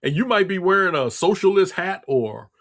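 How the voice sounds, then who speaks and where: A man holds forth on his own radio talk show in a blunt, scolding monologue, circling back to repeat his points. His voice sits a little high for a man. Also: lively intonation, moderate pace, fairly bright tone. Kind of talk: political commentary monologue.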